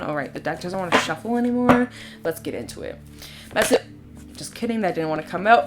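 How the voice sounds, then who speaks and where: A woman giving a casual tarot reading in a chatty, expressive way, sometimes giggling and swearing casually. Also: fairly low pitch, fairly quick, heavy background noise. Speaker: tarot reader. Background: soft background music.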